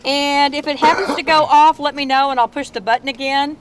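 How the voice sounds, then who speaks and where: A tour member's camera recorded this middle-aged guide, whose high-pitched voice stays steady and a little fast as she tells ghost stories to a crowd. She has a Southern Texas accent and a folksy, chatty way of talking, out on a town street at night; the audio is poor.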